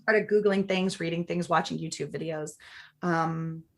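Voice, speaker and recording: A woman's voice: on the low side, fairly even intonation, normal speed, vocal fry. A woman in her thirties, a podcast interview guest, telling her story in a chatty way and acting out quoted talk with lots of "like". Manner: chatty, acts out quoted dialogue in changed voices, many "like" fillers.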